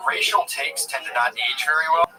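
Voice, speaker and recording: A man's voice: on the high side, fairly even intonation, a little fast, gravelly, crowd noise. Rambling, profane man, far from the mic. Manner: rambling, profane, mocks others by imitation. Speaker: podcast co-host. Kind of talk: casual chat.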